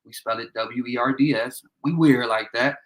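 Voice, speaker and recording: At a normal speed and medium pitch, a young man from Indiana hosts a relaxed livestream from his bedroom, where he rambles, curses freely, and names his viewers. The audio is low quality.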